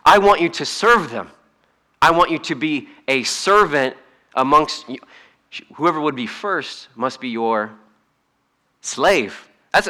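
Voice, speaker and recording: A man preaching a sermon in a conversational, humorous way, swinging between hushed asides and emphatic points. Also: on the high side. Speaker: pastor.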